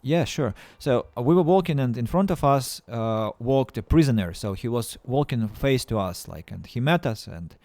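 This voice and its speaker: Halting man streaming a game. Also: medium pitch, expressive, a little mellow, no echo. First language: Russian. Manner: halting, stammering restarts, playful self-mocking. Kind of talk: casual game-stream chat.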